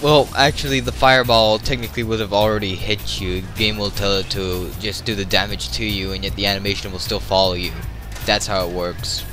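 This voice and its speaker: A man's voice: on the low side, flat delivery, brisk, sharp tone, faint music behind. A man co-commentating a game casually, explaining things matter-of-factly.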